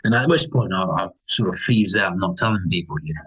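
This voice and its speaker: A young man, chatting casually on a podcast as a guest and telling stories with lively acted-out voices. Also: lowish voice, quick pace, husky, rough recording. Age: young adult. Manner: animated storytelling, acts out other people's lines. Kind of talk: casual chat.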